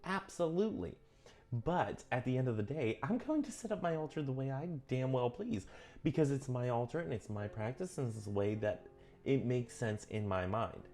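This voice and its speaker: A man casually talking through a witchcraft book on his vlog, earnest and self-correcting, often drifting onto tangents, his pitch jumping up when he gets emphatic. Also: animated, moderate pace, mellow, faint music behind. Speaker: vlogger reading and commenting on a witchcraft book. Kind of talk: casual rambling vlog commentary.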